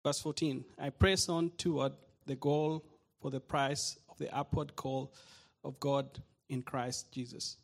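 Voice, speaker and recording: A man reading a passage of scripture aloud in church, slowly and carefully, restarting once to slow down. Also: medium pitch, flat delivery. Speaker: scripture reader.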